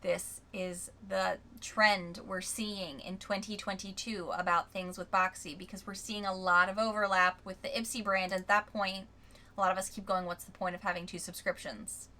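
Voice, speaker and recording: A woman's voice: mid-range voice, moderate pace. A young adult woman reviewing beauty products in a casual vlog, reading viewer comments aloud in a chatty, candid way. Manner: chatty and candid, rereads quotes with lively emphasis. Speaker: beauty vlogger.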